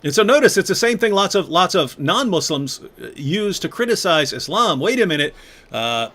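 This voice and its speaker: Animated male live-stream host. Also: high-pitched, moderate pace. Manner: animated, acts out quoted voices.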